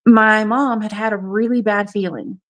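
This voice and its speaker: A woman's voice: medium pitch, fairly even intonation, moderate pace. A woman from South Carolina, frankly recounting a personal ordeal as a radio show guest. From South Carolina, USA. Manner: frank, matter-of-fact storytelling. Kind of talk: personal testimony.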